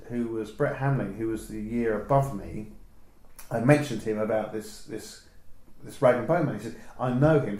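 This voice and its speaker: A man's voice: lowish voice, darkish tone, roomy sound, poor audio. A man with a southern English accent, a photographer telling meandering stories in a casual interview. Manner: meandering, chatty storytelling.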